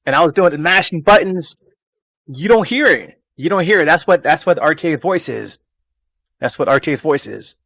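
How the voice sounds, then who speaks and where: A man's voice: fairly high pitch, expressive, normal speed, creaky, fairly bright tone, no echo. A man chatting casually on a live stream from his home gaming setup into a desk microphone, rambling and repeating phrases over and over.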